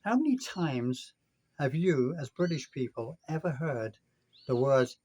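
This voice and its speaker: A man's voice: mid-range voice, expressive, normal speed, a little mellow. A man in his sixties from the United Kingdom, telling a rambling story in a casual vlog rant. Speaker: vlogger.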